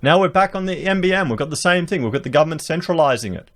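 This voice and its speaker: A man's voice: a little high, animated, quick pace, fairly bright tone. An Australian man giving emphatic, rhetorical political commentary to his viewers, reading out news and reacting to it, recorded close on a podcast mic. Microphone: podcast dynamic mic.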